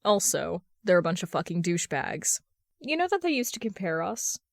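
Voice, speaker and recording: A woman voicing a gruff, protective young man in a fan audiobook, blunt and swearing casually. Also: lowish voice, very animated, normal speed, no room sound, studio quality. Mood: reassuring.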